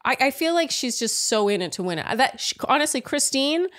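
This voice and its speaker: A woman hosting a podcast, chatting in a lively, quick way about a reality show and laughing often. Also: sits high, no room sound, studio quality. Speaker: podcast host. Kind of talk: casual recap chat.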